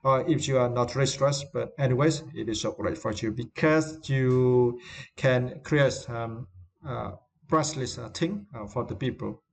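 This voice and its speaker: A man's voice: medium pitch, unhurried, gravelly. Hesitant man teaching English vocabulary. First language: Vietnamese. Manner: hesitant, many fillers and tag questions. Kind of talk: vocabulary lesson.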